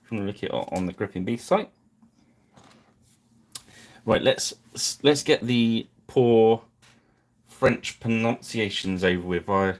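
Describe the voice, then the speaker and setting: A man with a low, deep voice talks slowly and easily at his hobby desk during a live painting stream. His chat is casual and apologetic, and he pokes fun at himself as he goes. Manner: chatty and apologetic, self-deprecating.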